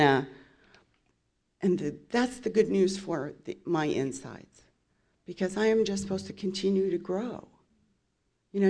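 A woman's voice: on the low side, darkish tone. A woman in her fifties sharing her recovery story as a candid personal testimony, with wry laughs along the way. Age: 50s.

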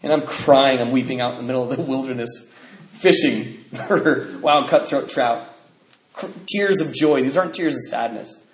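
A man's voice: medium pitch, moderate pace. Middle-aged man giving an emotional testimony. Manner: emotional storytelling with sudden swings in loudness. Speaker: speaker sharing at a recovery meeting. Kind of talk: personal testimony talk. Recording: echoey room.

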